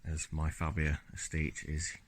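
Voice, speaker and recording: A man talking casually through his car-repair video diary on a handheld phone camera, relaxed and rambling with lots of fillers. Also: rumbling low, measured pace, slight background noise. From Scotland.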